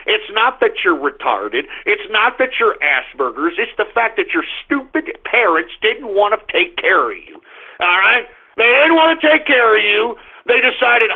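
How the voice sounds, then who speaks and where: High-pitched raspy man ranting angrily. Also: big pitch swings, normal speed. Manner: aggressive, shouting, insulting. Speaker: radio talk show host. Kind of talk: angry ranting monologue. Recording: muffled phone-line radio stream.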